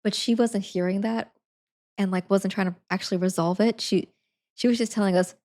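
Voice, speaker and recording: A woman's voice: medium pitch, fairly even intonation, fairly quick, a little mellow. A woman in her twenties telling a story casually on a live stream, rambling with lots of fillers. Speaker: livestreamer.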